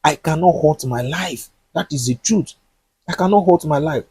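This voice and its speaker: A man's voice: a little high, moderate pace, warm tone, breathy edge, dry recording, voice pushed up. A man voicing a struggling father who pleads that he would never hurt his daughter. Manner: earnest, pleading. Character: struggling middle-aged father, wounded and pleading.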